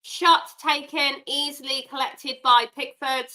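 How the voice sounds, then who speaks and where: A woman hosting a live football watchalong, reacting loudly and getting exasperated with the players. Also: high-pitched, measured pace, poor audio. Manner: animated, exasperated, shouts at players. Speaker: watchalong host.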